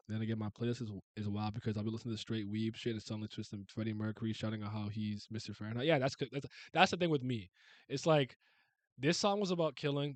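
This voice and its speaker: A man's voice: medium pitch, dry recording. Sex: man. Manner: rambling, slangy streamer. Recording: dry. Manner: rambling, slangy, quick asides and chuckles. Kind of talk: casual stream chat.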